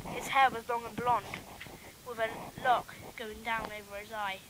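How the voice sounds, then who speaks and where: A woman's voice: on the high side, little pitch movement, normal speed. A woman reading her own homemade story in plain, earnest first-person narration. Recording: noisy home recording.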